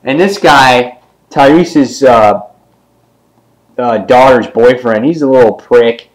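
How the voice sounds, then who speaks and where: A man's voice: medium pitch, rough recording. Man, casual comic book review, loose and chatty, many ums, short character voices. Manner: retells scenes with quick put-on character voices.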